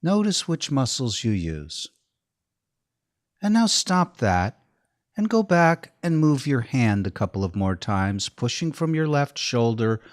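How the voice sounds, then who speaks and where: A man giving a slow, calm, step-by-step guided body-awareness lesson as movement instructor. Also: medium pitch, dry recording, clean studio sound.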